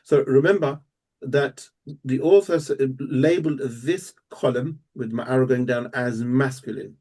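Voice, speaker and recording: A man's voice: mid-range voice, darkish tone. Patient man teaching a language lesson. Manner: patient, explains step by step, repeats words slowly. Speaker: Arabic teacher. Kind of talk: live one-on-one language lesson.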